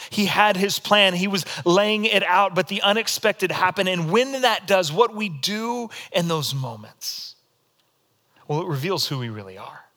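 A pastor delivering a sermon in a bright, ringing voice that sits a little high for a man. He tells his stories in a demonstrative, animated way, in what sounds like a church service.

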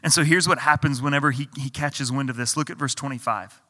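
A man's voice: mid-range voice, fast, sharp tone, in a large hall. A man preaching a conversational sermon as pastor, often stumbling and restarting as he acts out the people in the story. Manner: conversational preaching with repeated restarts and acted-out quotes.

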